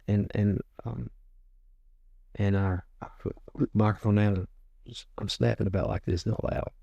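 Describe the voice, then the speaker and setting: A man's voice: lowish voice, steady tone, moderate pace, gravelly, long pauses, mellow, husky, no room sound. A man in his forties, a guest minister, telling a testimony story and often repeating his words as he retells what he said. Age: 40s.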